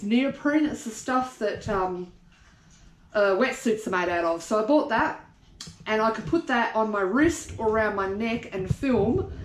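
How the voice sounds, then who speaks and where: A woman's voice: fairly high pitch, roomy sound. An Australian woman talking casually to an action camera as she shows around her home, blunt and chatty, with the odd swear. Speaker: vlogger.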